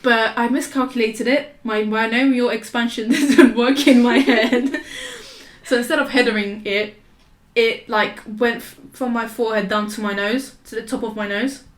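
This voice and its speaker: A young woman chats on a podcast, rambling through stories with many restarts and laughs. Her voice sits a little high. The room gives it a roomy echo. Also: steady tone, normal speed. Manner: rambling storyteller, restarts often, laughs a lot. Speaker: podcast co-host. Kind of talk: casual chat.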